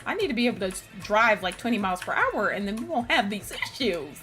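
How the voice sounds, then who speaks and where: A woman streaming a video game, chatting casually with her viewers, excitable, laughing and shrieking often. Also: mid-range voice, fast, faint music behind. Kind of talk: casual live-stream commentary.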